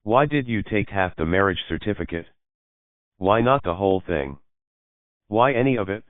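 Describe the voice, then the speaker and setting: A man's voice: lowish voice, animated, normal speed, dry recording, lightly acted. Young bride read by a man, indignant and snappish, dry phone-like audio. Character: young woman, a bride, flustered and sharp-tongued.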